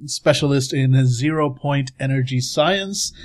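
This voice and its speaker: A man player in a tabletop role-play, playfully introducing his scientist character, halting and repeating words. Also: mid-range voice.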